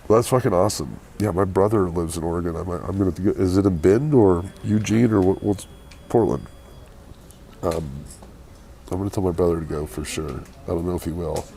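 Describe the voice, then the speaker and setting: A hungover man chatting casually with his live-stream viewers from an airport, keeping his voice quiet and low. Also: steady tone, fairly quick, gravelly, slight background noise. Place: airport waiting area.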